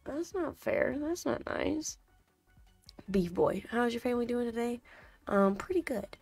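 Gravelly-voiced woman streamer muttering to herself. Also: on the high side, expressive, measured pace, a little mellow, no echo, soft background music. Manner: mutters to herself with sudden frustrated outbursts. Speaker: game streamer. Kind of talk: casual live-stream chatter.

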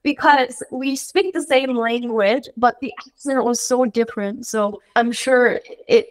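A woman's voice: fairly high pitch, low-quality recording. A woman from the United States, a dog groomer, chatting as an interview guest with frequent laughs and many filler words. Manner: laughing often, many "like" fillers, quoting others in asides. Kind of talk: casual interview chat.

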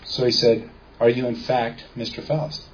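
Telling stories to a small group, a seminar speaker acts out quoted dialogue and poses questions to the audience in a relaxed lecture. His mid-range voice has little pitch movement and a moderate pace, and the lo-fi recording is dull, with faint noise behind it.

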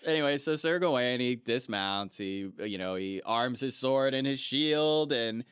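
A man's voice: mid-range voice, expressive, measured pace, a bit bright, clear, resonant tone, no echo, studio quality. Casual man retelling a story. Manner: casual, laughs often, mixes archaic quotes with slang. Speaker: book club podcast host.

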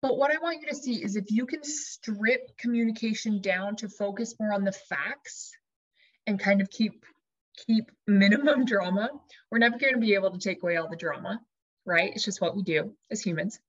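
A woman coaching her listeners, whose talk is lively and chatty and who slips into dramatic inner voices to make her point. Her voice sits at a middle pitch. The recording is a little dull and lo-fi. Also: moderate pace, husky. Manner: lively, shifts into dramatic inner voices when acting out examples. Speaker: life coach. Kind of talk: teaching talk to an audience.

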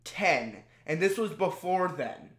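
A young adult host giving casual, animated commentary on old videos. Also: medium pitch, takes it slowly. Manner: animated, laughing, exclaiming. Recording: echoey room.

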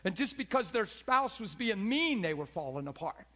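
A middle-aged man preaching a sermon as a pastor, impassioned, swinging from loud exclamations down to near whispers. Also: high-pitched, sing-song, moderate pace.

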